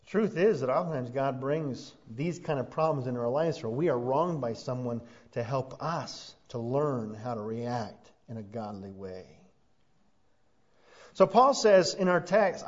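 A man preaching a sermon as pastor, earnest, rising to emphatic peaks and then dropping soft. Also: medium pitch, animated, a little slow. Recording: dull lo-fi sound.

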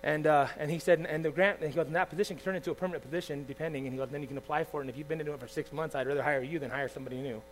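A man preaching a sermon, telling a personal story in a conversational, animated way with asides to his listeners. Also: fairly high pitch, rapid-fire, hardly any pauses, slight background noise.

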